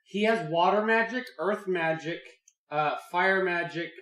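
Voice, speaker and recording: A man's voice: high-pitched, a little slow, fairly bright tone, echoey room. A young man on a podcast, joking and swearing in casual chat. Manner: laughing, joking, profane. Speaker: podcast co-host.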